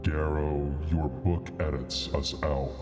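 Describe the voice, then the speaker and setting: A man's voice: rumbling low, little pitch movement, music in the background, voice pushed down. A man voicing a sinister disembodied voice that whispers cold, commanding pronouncements in a tabletop game. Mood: ominous. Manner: slow, ominous pronouncements.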